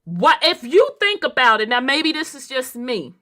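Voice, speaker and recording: Southern woman host, high bright voice, lively slangy chat. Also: moderate pace. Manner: animated, slangy, laughing storyteller. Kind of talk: casual group discussion.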